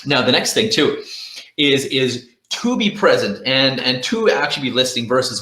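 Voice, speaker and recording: A man delivers a sales training talk with a bright, forceful tone, coaching his listeners directly and often repeating words for emphasis. He slips into quoted voices to act out the doubts in a salesperson's head. The sound is roomy, with an echo around him. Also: medium pitch, moderate pace. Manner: energetic, repetitive, coaching the audience directly; acts out inner thoughts in quoted voices. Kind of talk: virtual conference talk.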